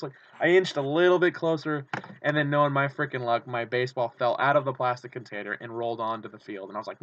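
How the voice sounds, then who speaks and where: Young man, vlogger, rambling excited storytelling, dry close sound, dull lo-fi audio. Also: mid-range voice, no echo. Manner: animated, rambling, acts out his own excited shouts.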